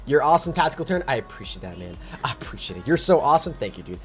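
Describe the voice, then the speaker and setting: A young man live-streaming a video game, greeting viewers by name in rapid casual shoutouts and chatting about his plans. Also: medium pitch, sing-song. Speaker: livestreamer. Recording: faint music behind.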